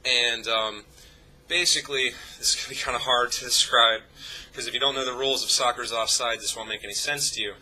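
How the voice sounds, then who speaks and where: A man's voice: mid-range voice, fairly quick, pushed and bright, a little hiss or hum, low-quality recording. A young man telling a rambling, profane story to his vlog audience, full of fillers and restarts. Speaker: YouTube vlogger. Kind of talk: casual anecdote told to camera.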